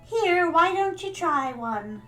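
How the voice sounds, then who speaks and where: A woman voicing a sweet, doting old grandmother villager in a video game, speaking gently and slowly. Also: very high voice, expressive, faint music behind, voice pushed up, exaggerated voice. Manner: gentle, slow and sugary, calls people dear.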